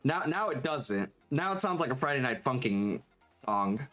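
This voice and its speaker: A live streamer chatting casually while working, reading chat aloud, swearing freely and quick to get excited and laugh. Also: mid-range voice. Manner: gets excitable and laughs easily. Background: faint background music.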